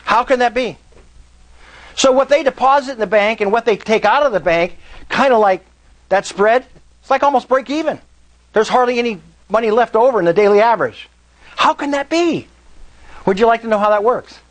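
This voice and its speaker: A man's voice: extremely high pitch, a little fast, rough recording. A man giving a live real estate seminar talk, telling stories and asking the audience questions. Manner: animated storyteller, asks the room questions. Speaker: meetup speaker.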